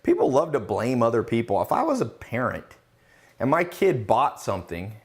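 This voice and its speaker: A man's voice: mid-range voice, wildly swooping pitch, normal speed. A man hosting a casual live Q&A, reading out viewer questions and answering them in a confident, emphatic, lecturing way with rhetorical questions. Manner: reads out chat questions, then answers.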